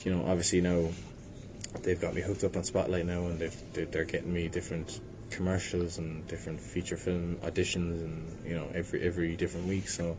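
Brisk and with little pitch movement, a young man from Limerick, Ireland, appears as an actor guest in a casual interview at a hotel. He rambles about his acting with self-deprecating humor and keeps restarting, and the audio is noisy with a low rumble.

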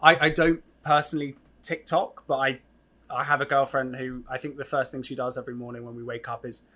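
Bright-voiced rambling young English host. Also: male voice, medium pitch, little pitch movement, a little fast. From England. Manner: rambling, hesitant questions with many restarts. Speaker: podcast co-host. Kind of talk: casual interview chat.

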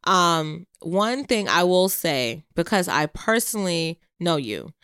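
A woman co-hosting a casual podcast, her voice sitting a touch low and sounding smooth and resonant. She talks bluntly and swears freely, and a close mic gives a dry sound with almost no room. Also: lively intonation, slow pace, a bit bright, no room sound. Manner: blunt, profane, laughs often. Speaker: podcast co-host. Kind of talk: casual chat.

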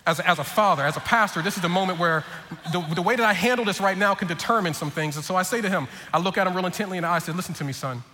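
A man's voice: high-pitched, racing. A man preaching as pastor, telling a comic family story and acting out everyone's lines with lots of energy. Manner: animated, comic, acts out voices of family. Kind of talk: humorous sermon storytelling. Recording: long hall reverb, faint ambience.

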